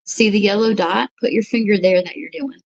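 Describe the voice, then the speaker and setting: A woman's voice: medium pitch, fairly quick. Easygoing woman on a muffled call. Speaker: friend on the call. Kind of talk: casual video chat.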